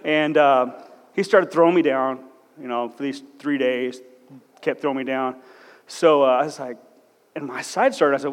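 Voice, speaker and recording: A man's voice: fairly high pitch, normal speed. A man in his forties, a police officer, giving a blunt, self-deprecating, joking talk as a church guest speaker. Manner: blunt, no-nonsense. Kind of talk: humorous church talk with personal stories. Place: large church hall. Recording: echoey church hall with long reverb.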